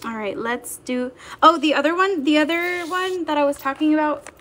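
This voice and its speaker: A chatty young woman talks through a home livestream, her voice high and lively as she greets viewers. She sounds bubbly and easygoing. Soft clicking noises sit faintly behind her. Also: normal speed, a little hiss or hum. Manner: bubbly, chatty, reads viewer comments aloud. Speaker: livestream seller. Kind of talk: casual livestream chat.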